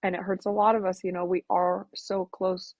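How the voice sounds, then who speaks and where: A woman guest on a podcast, talking in an earnest, reflective, halting way in casual interview chat. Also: fairly low pitch, flat delivery, a little mellow, no room sound. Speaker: podcast guest, melanoma advocate. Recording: dull lo-fi podcast audio.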